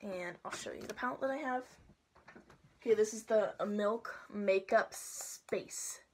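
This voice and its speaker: A young woman chatting casually and playfully through a makeup tutorial at home, sometimes dropping to soft asides. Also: medium pitch, unhurried, husky. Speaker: makeup vlogger.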